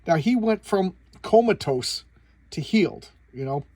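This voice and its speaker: A man casually reviewing a comic book, rambling with many halting restarts and fillers, chuckling as he retells scenes. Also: sits high, animated, a little mellow, dry recording.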